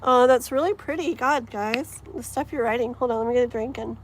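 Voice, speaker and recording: A woman's voice: on the high side, brisk, slight background noise. A woman hosting a tarot livestream, chatting casually outdoors and reading viewer comments aloud in an effusive, gushing way. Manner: effusive, gushing, many fillers. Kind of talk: casual live-stream chat reading comments. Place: outdoors, wind and passing traffic.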